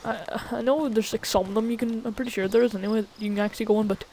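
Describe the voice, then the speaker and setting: A woman's voice: on the high side, fairly even intonation, rapid-fire, warm tone, a little hiss or hum. A woman casually commenting on her own gameplay as a gaming channel host, chatty and easily startled. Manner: jumpy, swears when startled, chatty. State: recently sick.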